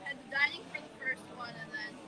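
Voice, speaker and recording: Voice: high-pitched, quick pace, a crowd in the background. A park visitor chatting casually on a livestream, answering briefly and easily. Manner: short, laid-back answers. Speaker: park visitor joining the stream. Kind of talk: casual chat. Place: outdoors at a theme park. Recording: noisy outdoor park ambience.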